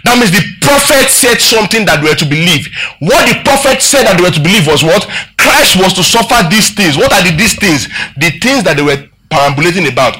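A man's voice: sits high, very animated, a little fast, hardly any pauses, pushed and bright, low-quality recording. A man preaching a sermon to a congregation, asking them questions and having them repeat lines after him. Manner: preaching with call-and-response and rhetorical questions. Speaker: pastor.

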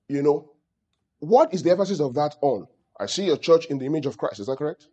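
A man's voice: on the high side, big pitch swings, fast, dark tone, husky. A man preaching a teaching sermon, often asking his congregation questions. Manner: calls out questions to the audience. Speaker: pastor.

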